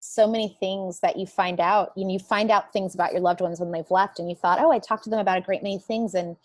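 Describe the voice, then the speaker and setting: A woman's voice: medium pitch, steady tone, quick pace, no echo. A woman guest in an interview, a writer and book editor, speaking in a reflective, conversational way with frequent "like" and "you know".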